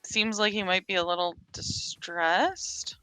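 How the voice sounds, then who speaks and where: A woman's voice: lowish voice, unhurried, pushed and bright, clean tone, dry recording, soft background music. A woman voicing a nervous young woman adventurer who stammers and hesitates, in a tabletop role-play game. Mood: flustered.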